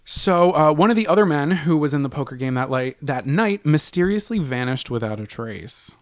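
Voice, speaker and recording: A man's voice: on the high side, animated, normal speed, no echo, clean studio sound. A man co-hosting a podcast, telling a story in a casual, profane, jokey way. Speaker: podcast co-host.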